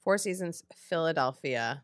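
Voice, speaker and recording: A woman's voice: sits low, expressive, measured pace, no room sound. Woman, podcast co-host, chatty, laughs a lot, dry close sound. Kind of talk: casual chat.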